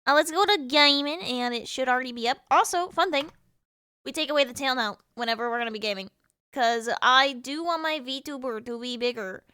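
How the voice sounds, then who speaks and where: Young woman streamer from the US, high and bright, chaotic and teasing with chat, dry close sound. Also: a little fast, smooth, dry recording. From United States. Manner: chaotic, playful, laughs often, teases chat. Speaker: VTuber streamer. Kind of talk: casual live-stream chat with viewers.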